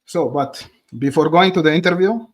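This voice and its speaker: A man talks his viewers through a case on a live stream. His voice sits a little high for a man, and his delivery is loose and conversational, full of asides to the audience. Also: normal speed, over loud music. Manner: chatty, addresses viewers directly as "guys". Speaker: true crime streamer.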